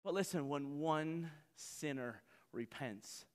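A male pastor delivering a sermon, casual and jokey one moment and earnest the next. His voice sits high for a man and sounds very bright and forceful. A long hall reverb trails after every phrase. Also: unhurried. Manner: animated, conversational and jokey preaching.

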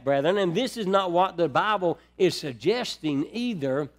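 Guy preaching a sermon, kinda high voice, goes quiet then booms out at the church folks. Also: expressive, moderate pace, hardly any pauses. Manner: swings from soft and low to loud, emphatic preaching; addresses the congregation as brethren and beloved.

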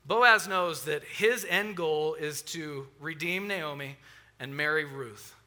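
A pastor delivering a sermon, retelling a story in a lively, conversational way with asides to the congregation. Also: male voice, a little high, slow.

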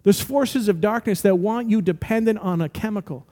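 A man's voice: high-pitched, normal speed, dark tone. Preaching man in a reverberant hall. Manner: storytelling with emphatic, rising exhortations. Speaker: pastor. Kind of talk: sermon.

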